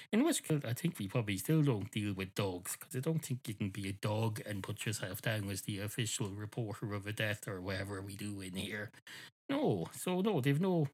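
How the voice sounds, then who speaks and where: A man hosting a podcast, telling an absurd story in a rambling, deadpan comic monologue. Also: on the low side, moderate pace. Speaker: podcast host.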